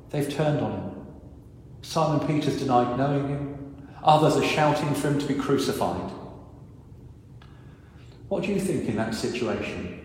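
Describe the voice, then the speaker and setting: A priest preaches a storytelling sermon, slipping into voices to act out crowd reactions. His voice sits in a middle register and rings through a large church with a long, booming reverb, over a faint hiss. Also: darkish tone.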